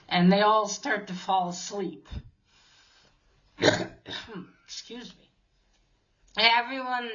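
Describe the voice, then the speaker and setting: A woman's voice: mid-range voice, fairly bright tone, lo-fi sound. A woman casually retelling a comic book story, hesitant, with many fillers and restarts.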